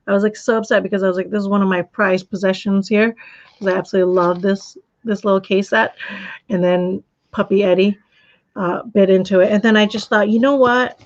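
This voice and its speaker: A knitting podcast host runs a casual live stream, chatting in a rambling, friendly way, answering viewers and showing her supplies, with frequent restarts and laughs. Her voice is medium-pitched with fairly even intonation at a moderate pace, and the recording is muffled.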